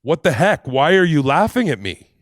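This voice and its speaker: A man's voice: a little high, big pitch swings, moderate pace, dry recording, clean studio sound, voice pushed up. A man voicing an angry young Western seeker in his story, heated and indignant.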